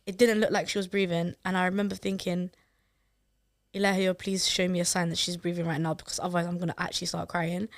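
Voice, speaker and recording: A woman, a mother hosting a podcast and sharing personal stories in an expressive way. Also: lowish voice, fast, dry recording, studio quality. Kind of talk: casual podcast chat.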